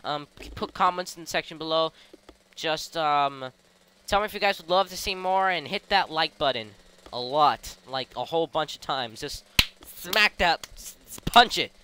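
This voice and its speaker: A gameplay commentator, giggly and excitable, breaking into high yelps. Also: moderate pace, clear, resonant tone.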